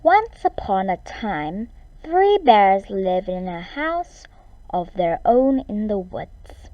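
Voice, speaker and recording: A woman reads a children's fairy tale aloud at an unhurried pace. Her pitch rises and falls with lively expression, and she drops to a whisper now and then. Her tone is mellow, and the recording sounds dull and lo-fi. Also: no echo. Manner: slow, expressive read-aloud with whispered asides. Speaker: storyteller. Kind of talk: children's story reading.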